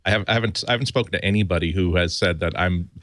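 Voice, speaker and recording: A man's voice: low-pitched, rapid-fire, a bit bright, no room sound, studio quality. A man on a tech panel giving long, thoughtful explanations and restarting his sentences often. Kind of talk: casual tech panel chat.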